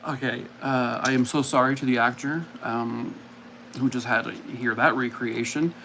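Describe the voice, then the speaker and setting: A man's voice: mid-range voice, fairly even intonation, moderate pace, bright, forceful tone, slight background noise. A man hosting a live game stream, chatting playfully and mocking himself with frequent laughs. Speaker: streamer host. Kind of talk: casual live-stream chat.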